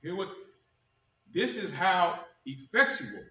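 A male pastor preaching a sermon, repeating key phrases with emphasis and slowing down to read scripture. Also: on the high side, lively intonation, bright, forceful tone. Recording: echoey room, mic at a distance.

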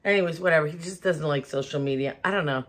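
A middle-aged woman, chatting casually to camera in an animated way, laughing often and restarting her sentences. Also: low-pitched, fast. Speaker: home decor vlogger. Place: home bedroom.

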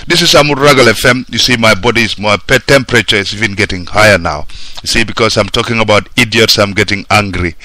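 A man's voice: fairly low pitch, a little fast, pushed and bright, no room sound. Heated ranting male radio presenter. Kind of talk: radio talk monologue.

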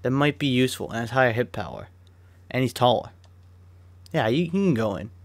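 Very animated and a little fast, with vocal fry in his medium-pitched voice, a young gaming YouTuber rips through card packs in a football video game while chatting casually. He curses liberally and launches into sudden rants, with no room sound.

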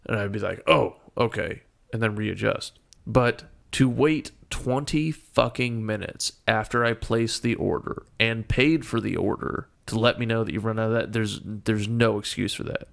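A man's voice: fairly low pitch, moderate pace, creaky, a bit bright. A man co-hosting a casual podcast, ranting heatedly and swearing constantly. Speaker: podcast co-host.

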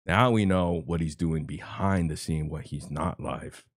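Deep guy reacting on stream, swears a lot, mocks and laughs, dry close mic. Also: a little slow, no echo. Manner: mocking, profane, laughs a lot. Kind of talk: casual reaction commentary.

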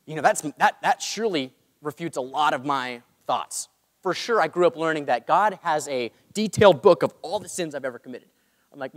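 A young man preaching a sermon in an animated way, joking about his own faults. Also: a little high, fairly quick. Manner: animated, self-mocking asides. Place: large church hall. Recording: long hall reverb.

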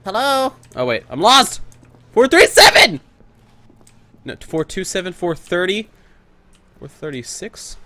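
A man giving excitable let's play commentary, whooping, joking and swearing as he plays. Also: high-pitched, unhurried, dry recording. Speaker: gamer.

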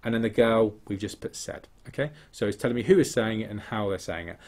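A man walks through a recorded English writing lesson in a low, slightly breathy voice. He explains point by point, checking in with "okay?" and "yeah?", and his sentences fall away quieter at the end. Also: fast talker. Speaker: English teacher. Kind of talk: recorded exam-prep lesson over slides.

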